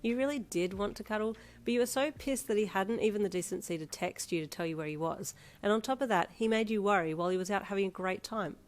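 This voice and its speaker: A woman narrating a fan fiction audio story in a steady, even read. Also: mid-range voice, fast, few pauses. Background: faint instrumental music.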